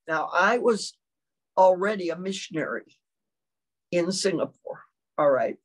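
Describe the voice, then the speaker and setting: An older woman preaching a sermon in a measured way, often checking in with her listeners and clearing her throat now and then. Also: fairly low pitch. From China.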